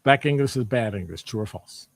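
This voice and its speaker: A man with a Midwestern American accent, presenting a live online session. He reads out audience answers, quizzes them and teases them in an animated, joking way. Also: on the low side, brisk, no room sound. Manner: animated, jokey, teasing the audience. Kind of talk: live-streamed lecture with chat.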